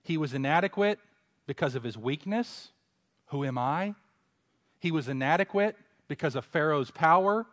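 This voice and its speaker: A preacher with a ringing hall echo. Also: male voice, lively intonation, normal speed. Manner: builds to loud emphatic exhortation, then drops low; conversational asides and self-corrections. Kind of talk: expository sermon.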